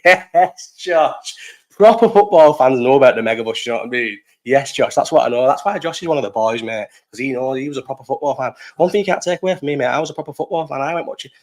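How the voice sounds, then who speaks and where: A young man from Bolton with a Northern English accent, hosting a casual live chat in a rambling, sweary way and laughing often. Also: medium pitch. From Bolton, England. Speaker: live stream host.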